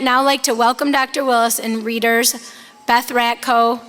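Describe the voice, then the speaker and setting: A woman, a school administrator, making a formal, measured announcement at a graduation ceremony. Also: on the high side, little pitch movement, fairly bright tone. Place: large auditorium. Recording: echoey hall with long reverb.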